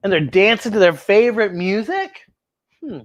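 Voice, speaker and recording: Woman, children's storyteller, picture book read-aloud, animated, exclamatory, very lively pitch. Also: moderate pace.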